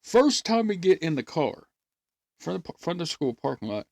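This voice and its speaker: A man's voice: on the high side, moderate pace, creaky, no echo, studio quality. A man telling stories in casual chat, acting out voices and laughing often. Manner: animated storyteller, acts out voices, laughs often. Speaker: podcast host.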